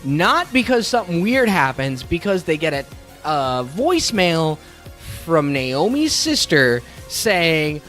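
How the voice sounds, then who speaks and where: A man's voice: on the high side, slow pace, soft background music. A young adult man co-hosting a podcast, ranting in casual chat and swearing freely. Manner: profane, animated ranting. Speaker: podcast co-host.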